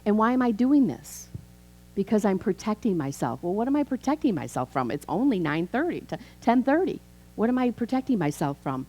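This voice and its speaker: Very animated and fairly quick, this Chicago minister in her fifties has a medium-pitched, dark voice. Her chatty sermon mixes stories and acted dialogue, with faint music behind and poor audio.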